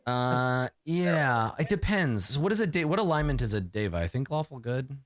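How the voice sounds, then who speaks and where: A man running a tabletop game as game master, chatty and quick with laughing asides. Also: mid-range voice, very animated.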